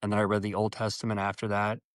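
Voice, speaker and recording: Low-voiced man telling an earnest story. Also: completely flat delivery, no echo. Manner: earnest, halting, with many restarts; acts out quoted dialogue with a jumping pitch. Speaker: interview guest. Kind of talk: personal storytelling in conversation.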